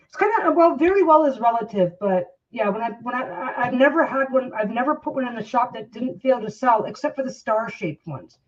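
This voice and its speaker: A woman's voice: on the high side, expressive, fairly quick, hardly any pauses, muffled recording. A woman vlogging while she quilts at home. She chats casually with many restarts and coos at her dogs. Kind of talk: casual chat while crafting.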